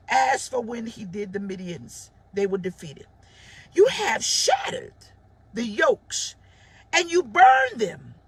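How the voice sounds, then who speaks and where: A woman in her forties preaching an animated livestream sermon, calling out viewers by name and raising her voice often. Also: on the high side, husky. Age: 40s. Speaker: pastor.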